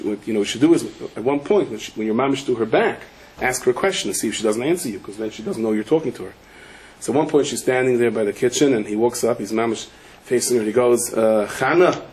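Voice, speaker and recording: A middle-aged man, a rabbi, giving a humorous sermon full of anecdotes. He peppers his talk with Yiddish and Hebrew words and jumps high in pitch when he quotes people. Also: a little mellow, a little hiss or hum, low-quality recording.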